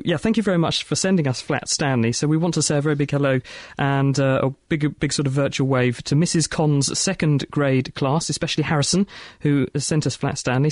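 Fast-talking man hosting a science radio show. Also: on the high side, no echo, studio quality. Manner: quick, jokey, chatty. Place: radio studio.

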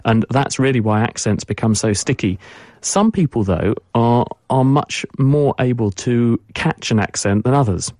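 A man's voice: mid-range voice, normal speed, a little mellow, dry recording, clean studio sound. A man, a science expert guest on a radio show, explaining fluently and repeating words for emphasis.

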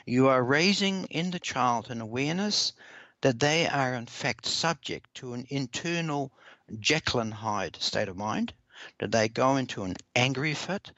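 A man answering interview questions in a measured, earnest way, often repeating words as he explains. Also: mid-range voice, fairly bright tone, no room sound. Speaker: parenting expert guest. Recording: dull lo-fi dry recording.

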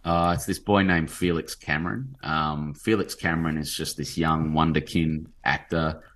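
A very low-pitched Australian man in his forties chats as an interview guest. He talks in an animated, rambling way, piling on fillers as he tells his stories. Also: moderate pace. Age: 40s. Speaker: novelist guest. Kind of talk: casual interview chat.

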